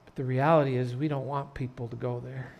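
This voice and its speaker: A man pastor preaching an earnest sermon in a church, turning loud and dramatic when telling a story. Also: mid-range voice, flat delivery, a little fast, creaky. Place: church sanctuary.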